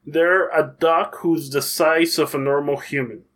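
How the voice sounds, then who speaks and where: Bright-voiced game master, rambling happily. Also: male voice, fairly high pitch, steady tone, a little slow. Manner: enthusiastic, rambling, self-correcting. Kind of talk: casual interview chat.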